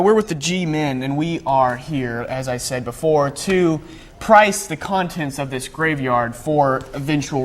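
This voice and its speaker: A man's voice: medium pitch, natural voice. A man playing a smug, greedy lawyer who talks in a boastful, pushy way. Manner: fast, boastful, exclaiming.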